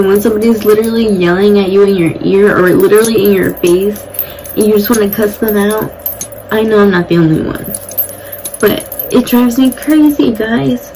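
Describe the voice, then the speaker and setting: A woman's voice: medium pitch, warm tone, slight background noise, poor audio. Chatty, blunt young woman vlogger. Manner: chatty, blunt, swears casually. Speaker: beauty vlogger. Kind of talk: casual get-ready-with-me chat. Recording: music playing behind the voice. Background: music.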